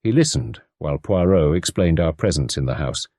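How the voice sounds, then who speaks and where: A man giving steady audiobook narration. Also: low voice, normal speed, creaky, no room sound, clean studio sound.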